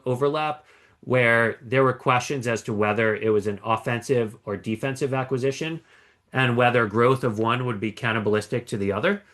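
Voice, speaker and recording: A man giving an analytical investment presentation, measured and explanatory, with frequent ums and small restarts. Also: on the low side, a bit bright. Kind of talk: conference stock pitch. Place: conference presentation.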